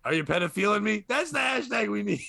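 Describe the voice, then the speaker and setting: A man's voice: high-pitched, expressive, quick pace, gravelly, pushed and bright, husky, dry recording. A man hosting a comedy podcast, joking crudely and laughing often in casual banter. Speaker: podcast host.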